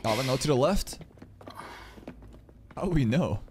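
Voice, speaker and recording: A man giving live reaction commentary on an anime, excitable and profane, often yelling at his chat. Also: medium pitch, unhurried, a little hiss or hum.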